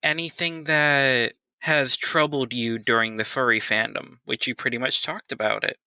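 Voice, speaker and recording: Bright-voiced man co-hosting a podcast. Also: mid-range voice, fairly even intonation, clean tone, no echo, dull audio. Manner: joking, quick asides. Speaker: podcast co-host. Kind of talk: casual podcast chat.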